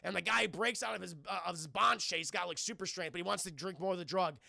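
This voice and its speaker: A man casually recapping a film for his stream chat, animated and swearing freely as he addresses the chat. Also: high-pitched, fast talker, gravelly, dry recording, clean studio sound.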